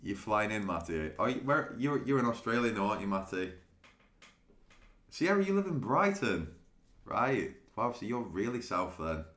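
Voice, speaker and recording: A man's voice: on the low side, big pitch swings, normal speed, fairly bright tone, reverberant. A man chatting casually with viewers on a live stream, laughing often and restarting his sentences. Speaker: day trading streamer.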